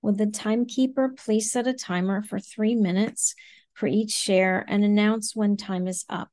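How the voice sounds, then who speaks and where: A woman's voice: mid-range voice, steady tone, unhurried, a little mellow, no room sound. Woman meeting chair, polite and orderly, dry close sound. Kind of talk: reading meeting guidelines. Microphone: video call.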